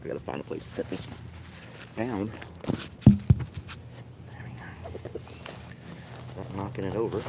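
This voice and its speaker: A man filming a casual hiking vlog on a wooded trail, often talking low or whispering as he coaxes his dog along. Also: slow pace, gravelly, pauses often, heavy background noise. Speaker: vlogger walking his dog.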